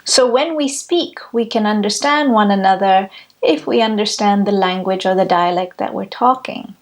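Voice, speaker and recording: A woman giving a reflective spiritual teaching talk, with measured, deliberate phrasing. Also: medium pitch. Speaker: spiritual speaker.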